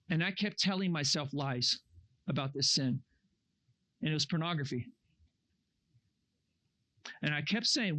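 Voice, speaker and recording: A man preaching a sermon to young campers, earnest and animated, acting out excuses in a raised voice. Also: fairly high pitch. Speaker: camp speaker. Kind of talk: youth camp sermon. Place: camp meeting room.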